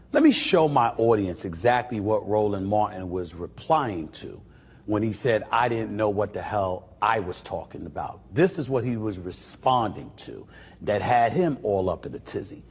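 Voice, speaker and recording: A man's voice: fairly low pitch, lively intonation, moderate pace, husky. A man doing online commentary, answering a critic in a taunting, dismissive way. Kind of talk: mocking rebuttal commentary.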